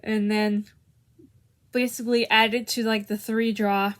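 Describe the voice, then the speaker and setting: A young woman explains a harmonica technique in a casual tutorial. Her voice sits a little high and she talks slowly. She hesitates often and restarts her sentences. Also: level tone. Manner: hesitant, many restarts and fillers. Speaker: harmonica teacher.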